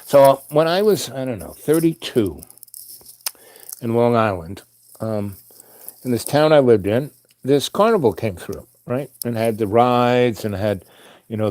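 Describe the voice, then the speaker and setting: A man spins a long, wandering personal story, circling back with frequent asides and restarts. His voice sits at an ordinary middle pitch, and the recording is dry and close, with no room sound. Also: darkish tone, dry recording. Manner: loose, meandering, full of "you know" asides. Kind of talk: rambling personal anecdote.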